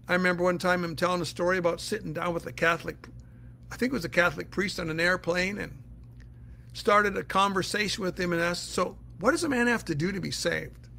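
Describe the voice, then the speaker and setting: A man's voice: high voice, vocal fry, bright, forceful tone, a little hiss or hum. A man teaching the Bible in a casual, earnest way, answering listener questions and explaining step by step.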